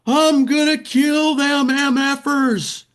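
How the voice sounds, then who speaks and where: A man imitating a hotheaded woman wrestling fan, shrill and loud. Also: takes it slowly. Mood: furious.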